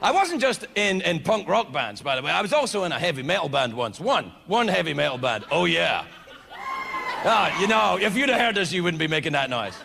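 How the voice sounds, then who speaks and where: A man performing a stand-up comedy set on stage, animated and loud, shouting punchlines and slipping into mock voices. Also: fairly high pitch, fairly quick, vocal fry. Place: large theatre with a live audience. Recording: live show with loud crowd noise.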